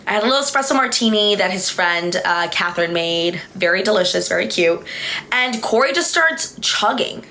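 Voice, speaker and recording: A woman's voice: medium pitch, animated, normal speed, bright, forceful tone, slight background noise. A woman hosting a livestream in a loose, rambling way. She tells stories, gets distracted and laughs often while she talks. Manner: rambling, chatty, easily distracted. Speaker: livestream host. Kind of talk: casual livestream chat and storytelling.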